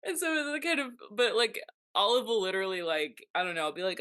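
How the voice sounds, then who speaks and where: A bright-voiced woman hosts a podcast in easy, casual chat. She talks loosely, full of "like" and little acted-out quotes, at a middle pitch. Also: big pitch swings, fast, clean tone. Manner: chatty, full of "like" and quoted asides. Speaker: podcast host.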